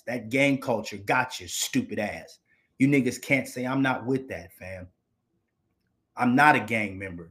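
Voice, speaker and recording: A man in the host's chair, ranting hard and swearing often. He comes back to the same angry phrases and hammers them over and over. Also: medium pitch. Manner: heated, profane, repetitive outbursts. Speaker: host. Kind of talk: angry commentary rant.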